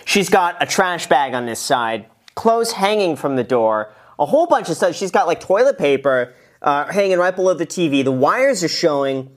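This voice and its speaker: A man's voice: a little high, very animated, moderate pace. A man hosting a reaction video, chatting casually and incredulously about clips he plays. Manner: chatty, incredulous, with restarts and asides to a producer.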